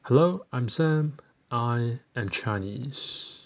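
A man from Britain teaching a beginner language lesson, saying each word slowly and pausing long for the listener to repeat. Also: mid-range voice, gravelly, lo-fi sound. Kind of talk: slow, deliberate language lesson.

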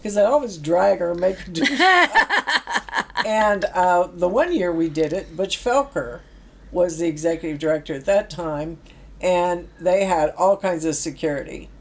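A woman's voice: on the low side, lively intonation, normal speed. A middle-aged woman, telling stories about her youth work in a chatty way, laughing now and then. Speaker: former youth project worker. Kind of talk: anecdotal storytelling.

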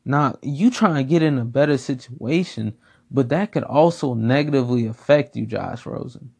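Man, gravelly voice, middle pitch, casual football rant, blunt, profane, repetitive. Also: moderate pace, mellow. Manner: blunt, profane, repeats himself for emphasis. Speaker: sports commentator.

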